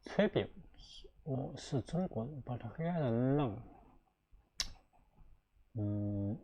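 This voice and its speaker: A middle-aged man with a Chinese accent, a native Chinese speaker teaching a casual language lesson in halting English with many fillers and restarts. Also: medium pitch, expressive, vocal fry, dull audio, a little hiss or hum.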